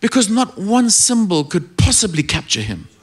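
A middle-aged man preaching a sermon, telling stories with animation and rising to shouted praise. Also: sits high, very animated, moderate pace, slightly rough.

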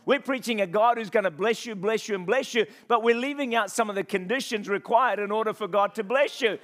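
A man preaching a sermon in church, swinging from quiet reflection to loud, impassioned calls and repeating phrases for emphasis. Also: sits high, fairly quick, hardly any pauses. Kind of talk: passionate sermon.

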